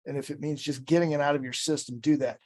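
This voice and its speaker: A man who coaches speakers, heard as a guest on a podcast interview. His voice sits a little higher than most men's, and he talks in a measured, instructive way. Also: steady tone, a little mellow.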